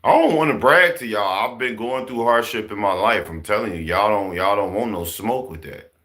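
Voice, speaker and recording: This man talks at a normal speed in a lowish voice, offering animated, preachy commentary in a casual vlogger style. He circles back over the same points and peppers them with rhetorical questions.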